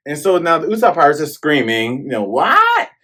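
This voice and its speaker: A man hosting a casual manga chapter review, animated and jokey, acting out lines as he goes. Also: a little high, fast. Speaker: host.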